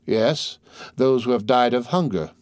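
A man voicing a calm, detached male bandit chief in an audiobook. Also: mid-range voice, measured pace, dry recording, studio quality, close to an everyday voice. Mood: cool. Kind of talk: audiobook character voice.

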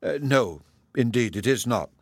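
A man's voice: medium pitch, expressive, a little slow, no echo. A man voicing a grave, reserved middle-aged colonel who speaks formally and with restraint. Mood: restrained.

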